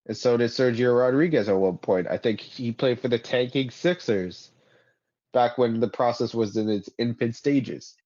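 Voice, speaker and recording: A man co-hosting a sports podcast who reels off numbers and player stats in a dry, lightly sarcastic way. His voice sits at a middle pitch. The audio is muffled and lo-fi. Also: darkish tone. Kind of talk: casual sports chat.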